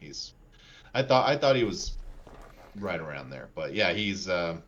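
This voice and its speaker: A man co-hosting a casual sports podcast, talking in a relaxed, rambling way with plenty of fillers. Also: low voice, unhurried. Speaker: podcast co-host. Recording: dull lo-fi mic.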